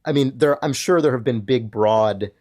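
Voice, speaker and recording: A man in relaxed podcast conversation, working through ideas aloud in long sentences. He hedges often and leans on filler words. His voice sits at an ordinary middle pitch. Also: normal speed. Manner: thoughtful, hedging, many filler likes. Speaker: podcast co-host. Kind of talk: casual podcast discussion.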